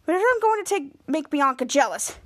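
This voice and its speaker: A woman voicing an excitable teenage boy who sounds flustered and eager. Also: sits high, fairly quick.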